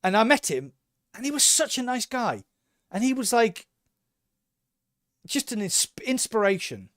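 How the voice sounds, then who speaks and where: A man's voice: very high voice, very animated, measured pace, fairly bright tone, no echo, studio quality. A man co-hosting a casual podcast, talking with eager enthusiasm and rambling through restarts. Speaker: podcast co-host.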